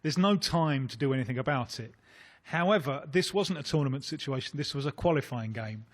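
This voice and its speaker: A man's voice: mid-range voice, lively intonation, brisk. A man with a British accent, a football pundit in a radio phone-in, talking in a hesitant way with repeated words. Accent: British English.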